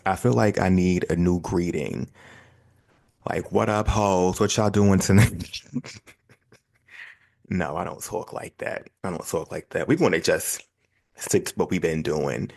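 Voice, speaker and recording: A man from the United States hosting his own podcast in a relaxed, chatty, self-deprecating way. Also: sits low, creaky. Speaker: podcast host. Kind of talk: casual solo podcast chat.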